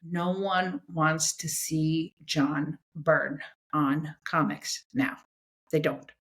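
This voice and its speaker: A woman in her sixties, a guest in an interview, talking in an animated, emphatic way and checking her points with "okay?". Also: sits low, drawn-out words. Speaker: guest, comics editor. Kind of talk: casual interview chat.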